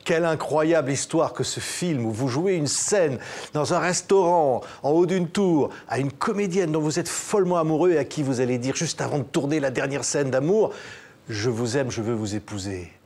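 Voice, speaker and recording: Measured male TV interviewer. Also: a little high, a little mellow. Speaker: TV interviewer host. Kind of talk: scripted interview questions. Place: television studio.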